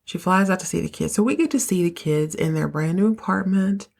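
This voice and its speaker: Lower-voiced woman recapping a soap, opinionated. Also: a little fast, vocal fry. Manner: animated, opinionated, slangy storyteller. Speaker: podcast host. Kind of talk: casual episode recap.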